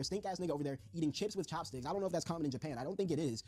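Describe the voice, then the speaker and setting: A young man streaming, retelling a story in a slangy, excitable way and laughing along. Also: on the high side, very fast, few pauses, loud music behind the voice. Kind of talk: casual comic recap of a story.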